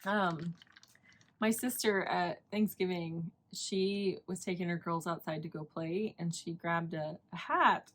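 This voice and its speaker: A woman's voice: on the low side, steady tone, measured pace. Chatty woman hosting a knitting podcast. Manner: chatty, rambling, laughs often. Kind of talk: casual chat.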